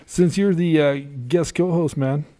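A man's voice: fairly high pitch, fairly even intonation, a little slow, dark tone, slight background noise. A man hosting a podcast in a casual, joking way. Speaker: podcast host. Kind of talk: casual chat.

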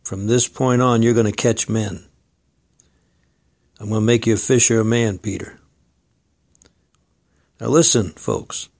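A man's voice: on the low side, steady tone, measured pace, gravelly, long pauses, a little mellow. A man preaching an earnest sermon, exhorting his listeners and reading scripture aloud. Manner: earnest, exhorting, addresses listeners as friend and folks.

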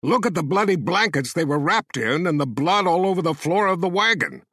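A man voicing a gruff, predatory male captor who argues in a heated voice. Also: fairly high pitch, very animated, normal speed, a bit bright, no room sound, studio quality, full character voice. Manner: heated, arguing.

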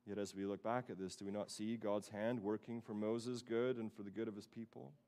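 A man's voice: on the low side, a little fast. Storytelling man preaching a sermon. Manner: storytelling, acting out lively quoted voices. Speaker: pastor. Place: church sanctuary.

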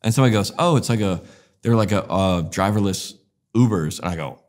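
A comedian as interview guest, talking in a rambling, animated way and acting out voices in his stories. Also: lowish voice, a little fast. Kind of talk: casual interview storytelling.

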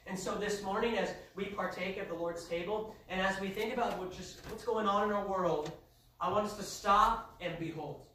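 A man's voice: sits high, normal speed, far from the mic, slight background noise. Man, pastor, emphatic sermon, heard from afar in a very echoey church. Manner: emphatic preaching, rising to shouts. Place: church sanctuary.

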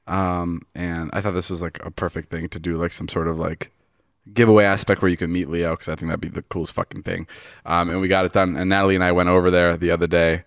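A man hosting a podcast, telling a story in casual chat, animated, swearing often and laughing as he goes. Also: sits low, fast, no room sound, studio quality. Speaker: podcast host.

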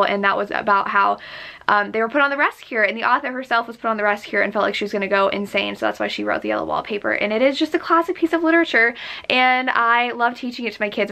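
Bright gravelly-voiced woman chatting. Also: on the high side. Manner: chatty, enthusiastic, lots of "like". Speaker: book vlogger and teacher. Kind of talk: casual chat. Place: at home.

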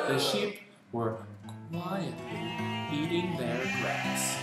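A man's voice: mid-range voice, over a noisy crowd. A man, an English teacher, reading a storybook aloud to children and asking them questions along the way. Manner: slow, animated, asks listeners questions. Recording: roomy echo, loud guitar music.

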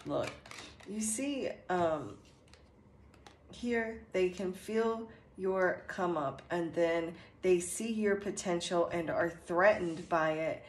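A woman giving a channeled tarot reading in a slow, earnest way, meandering with many fillers and restarts. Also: lowish voice, slight background noise. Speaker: tarot reader. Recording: echoey room with faint ambience.

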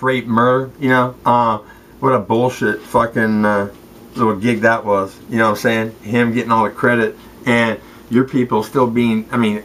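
Profane ex-athlete ranting to camera, mid-pitched, slangy and confrontational. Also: male voice, a bit bright, slight background noise, poor audio. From Southern California. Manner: street slang, addresses people directly, repeats "straight up" and "okay". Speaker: former football player. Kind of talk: rambling profane rant to the camera.

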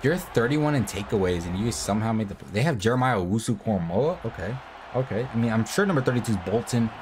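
Excitable young man calling a football game. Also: fairly low pitch, fast, background noise. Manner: excitable, swears a lot, laughs and shouts at big plays. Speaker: gaming video creator. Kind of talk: casual gameplay commentary. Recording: music bed under the voice.

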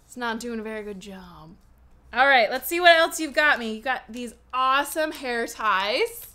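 A young woman chats casually at home as she opens fan mail and reads letters aloud. Her voice sits a little high and sounds bright, and she fills her talk with "like.". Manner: chatty, reads letters aloud, many "like" fillers. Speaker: stationery vlogger opening fan mail. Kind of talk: casual unboxing chat. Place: home room with open window.

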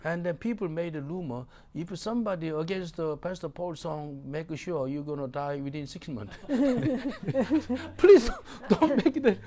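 A middle-aged man, a pastor preaching a sermon in halting, broken English. He drops to low murmurs and then bursts out loudly. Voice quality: gravelly. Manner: swings from low murmurs to loud exclamations.

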